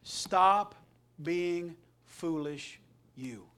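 A middle-aged male pastor, preaching a Sunday sermon that swings between loud passion and soft earnestness. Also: a little high, drawn-out words, clean tone.

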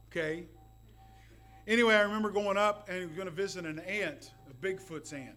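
A man's voice: high-pitched, moderate pace, sharp tone, soft background music. A man preaching a sermon, telling folksy stories with asides. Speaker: pastor.

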